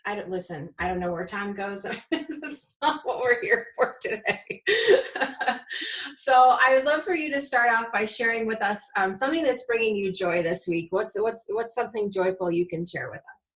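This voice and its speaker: A woman's voice: mid-range voice, fairly quick, fairly bright tone. A woman hosting a talk show, chatting casually with her guest, laughing often and saying "like" a lot. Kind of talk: casual interview chat.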